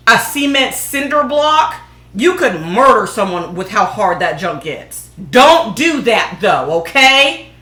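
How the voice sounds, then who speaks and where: Bright-voiced chatty woman in echoey room. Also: fairly high pitch. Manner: chatty, joking, talks to viewers as y'all. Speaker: DIY vlogger. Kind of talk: casual chat while making soap.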